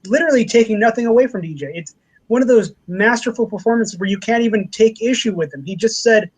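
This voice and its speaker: A man with a high-pitched voice talks on a casual podcast. He swears freely and gets animated, slipping into other people's voices to act out their quotes. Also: fast, husky, low-quality recording. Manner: profane, animated, acts out quotes. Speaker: podcast co-host.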